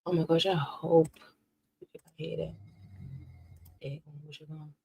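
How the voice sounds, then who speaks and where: Woman host, low-pitched, sassy and animated gossip commentary. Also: moderate pace, a little hiss or hum. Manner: sassy and animated, reacting loudly.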